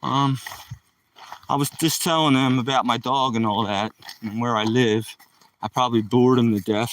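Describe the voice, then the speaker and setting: A man's voice: medium pitch, steady tone, normal speed, fairly bright tone, distant mic, slight background noise, poor audio. A man live streaming while he walks his dog on a rural dirt road, chatting loosely with the viewers in his chat.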